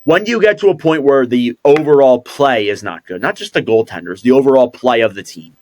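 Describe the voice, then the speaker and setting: A man's voice: mid-range voice, expressive, fairly quick, a little mellow, no echo. A man hosting a podcast in casual chat who thinks aloud as he goes. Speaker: podcast host.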